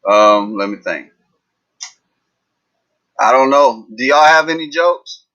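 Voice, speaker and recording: A man's voice: medium pitch, expressive, takes it slowly, pushed and bright, lo-fi sound. A man hosting a livestream, telling jokes in a rambling, folksy way. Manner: rambling, folksy, lots of fillers. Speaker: livestream host. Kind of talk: casual live-chat joke telling.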